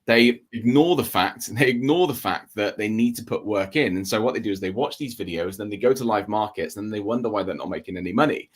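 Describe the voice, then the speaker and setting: Male livestream co-host, lower pitch, calm explainer, casual. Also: fairly quick, hardly any pauses, breathy edge. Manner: steady explaining, checks in with "okay?" and "right?".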